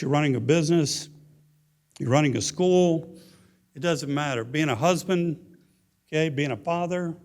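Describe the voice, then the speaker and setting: A man's voice: medium pitch, a little mellow. Folksy Texan man in his sixties. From Texas. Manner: folksy, tag questions like "okay?" and "you know?". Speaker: guest speaker. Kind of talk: storytelling speech. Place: luncheon hall.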